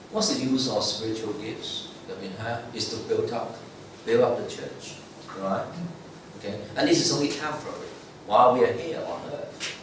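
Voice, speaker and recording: A man's voice: mid-range voice, slight background noise. A man giving a sermon as lay preacher, conversational, checking in with "okay?" and "right?". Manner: conversational, frequent "okay?" and "right?" tag questions. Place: church sanctuary. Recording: echoey church, mic far off.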